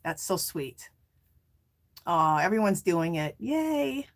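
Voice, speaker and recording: A woman's voice: medium pitch, moderate pace. Chatty woman hosting a live stream. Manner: chatty, reads viewer comments aloud; warm and emotional, near tears. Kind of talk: casual live stream chat.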